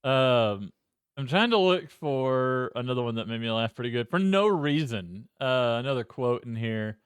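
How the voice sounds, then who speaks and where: Smooth-voiced man chatting, laughing often. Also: medium pitch, animated, normal speed, no echo. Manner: laughs often, searches script while talking. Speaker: podcast co-host. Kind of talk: casual film review chat.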